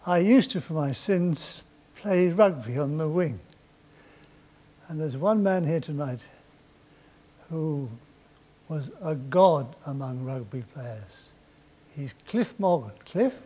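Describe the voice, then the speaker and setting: A man's voice: fairly high pitch, lively intonation, takes it slowly, pauses often, dark tone. An older man, a comedian, telling comic stories on stage with a dry, drawling delivery. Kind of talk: anecdotal storytelling on stage. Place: stage before a live audience.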